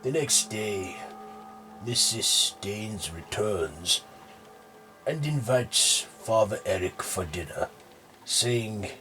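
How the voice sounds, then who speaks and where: Male horror narrator, deep voice, slow pace, bright forceful tone, faint music. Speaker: horror storyteller. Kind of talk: reading a horror story.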